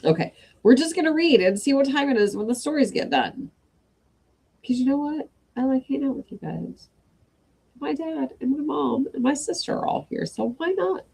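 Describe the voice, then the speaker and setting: A woman hosting an evening reading stream reads stories aloud to her live chat in a high, creaky, darkish voice that is very animated at a normal speed. Between passages she chats with viewers and breaks in with apologetic asides.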